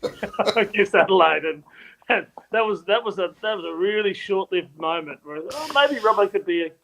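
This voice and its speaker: A man's voice: sits high, animated, moderate pace, creaky, fairly bright tone, slight background noise, poor audio. An Australian man, a guest on a podcast, chatting in an easygoing, teasing way. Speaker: guest, former footballer. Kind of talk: casual chat.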